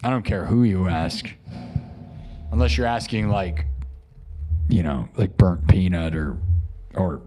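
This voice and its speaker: Excitable rambling male streamer. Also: low-pitched, unhurried, pauses often. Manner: rambling, excitable, talks to chat. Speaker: live streamer. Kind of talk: casual live stream chat.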